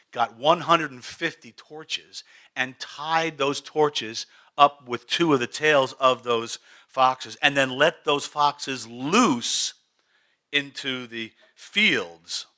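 A man preaching, retelling a story dramatically and acting out the characters. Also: mid-range voice. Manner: animated, dramatic, acts out the characters. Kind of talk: sermon storytelling.

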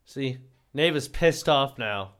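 A man's voice: medium pitch, lively intonation, slow pace, fairly bright tone. A man telling stories and making sarcastic remarks in a casual podcast chat. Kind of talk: casual banter.

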